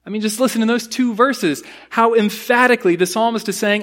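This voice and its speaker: A man preaching a sermon in an earnest, emphatic way, slowing down to stress key phrases and explaining Bible words in a teaching tone. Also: very high-pitched, steady tone, a bit bright. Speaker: pastor.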